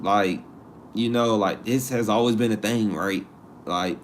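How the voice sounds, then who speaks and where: A man hosting a live stream in casual chat, reading viewer comments aloud and answering in an animated, slangy way that repeats itself. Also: fairly low pitch, unhurried. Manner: animated, repeats himself, slangy asides and laughs.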